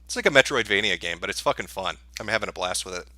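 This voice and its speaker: A man's voice: sits low, animated, quick pace, sharp tone, dry recording. A man answering viewer questions on a livestream in a sarcastic, profane, dismissive rant.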